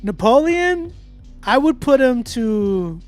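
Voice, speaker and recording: A man's voice: on the high side, slow. A man hosting a live music critique stream, chatting casually and joking with slang. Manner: laid-back, joking, laughs often, uses slang.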